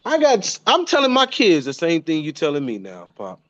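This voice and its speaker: A man's voice: a little high, huge pitch swings, normal speed, no echo, muffled recording. A man in his thirties paying an emotional tribute to his father, often repeating and restarting his phrases. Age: 30s. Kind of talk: heartfelt spoken tribute.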